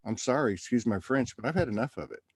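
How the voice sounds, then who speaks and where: A man's voice: mid-range voice, expressive, quick pace, slightly rough, dry recording. A man hosting a live show, chatting loosely and rambling through his thoughts. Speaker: livestream host. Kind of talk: casual spiritual chat.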